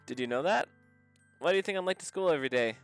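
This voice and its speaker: A man reading the lines of a gloomy teenage girl who admits her sadness, in a soft, subdued voice pitched below his own. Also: lively intonation, fast, smooth, soft background music. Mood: despairing. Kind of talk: reading visual novel dialogue aloud.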